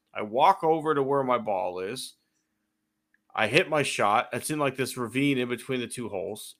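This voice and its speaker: Man, sports podcast co-host, bright voice, gravelly edge, profane storytelling rant. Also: mid-range voice. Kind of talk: casual sports chat.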